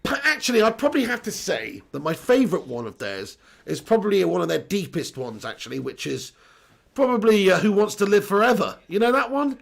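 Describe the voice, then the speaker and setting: A man's voice: high-pitched, sing-song, brisk, gravelly. A young English man hosting a casual live stream, reading chat comments aloud, joking, laughing and swearing casually.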